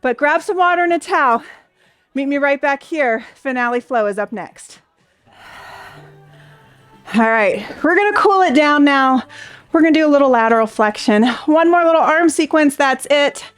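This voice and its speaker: A woman's voice: sits high, lively intonation, normal speed, no room sound, faint music behind. A young adult woman leading a Pilates class, cheering and counting reps, a bit out of breath. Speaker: Pilates instructor. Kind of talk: workout class instruction.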